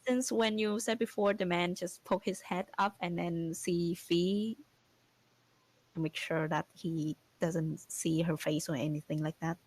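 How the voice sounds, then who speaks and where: Woman, low-pitched player, hesitant and stumbling, casual. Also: steady tone, unhurried, darkish tone, slightly rough, poor audio. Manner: hesitant, stumbling and repeating words. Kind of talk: casual tabletop play.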